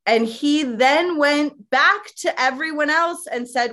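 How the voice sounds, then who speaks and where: A woman hosting a podcast, chatting casually and telling stories with frequent laughs. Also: high voice. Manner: warm storyteller, unhurried, laughs often. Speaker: podcast host. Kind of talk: casual chat.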